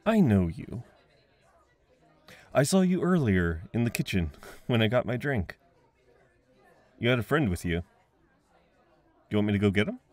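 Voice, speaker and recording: A man playing a gentle, slow-talking guy at a party. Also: lowish voice, sing-song, no echo. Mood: gentle, teasing. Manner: gentle, coaxing, chuckles often. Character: friendly young man at a party, gentle and teasing. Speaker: audio role-play performer. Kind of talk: audio role-play.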